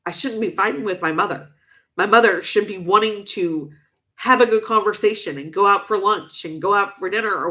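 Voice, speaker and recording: A woman's voice: lowish voice, pushed and bright. Upset woman venting emphatically. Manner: emphatic, repeats herself for stress. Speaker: vlogger. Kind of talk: emotional venting to camera.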